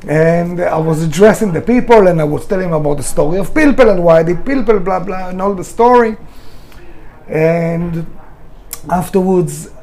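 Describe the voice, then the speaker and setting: A middle-aged restaurant founder in an interview, telling candid stories in a blunt, emotional way and swearing freely. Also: male voice, high voice, normal speed, darkish tone.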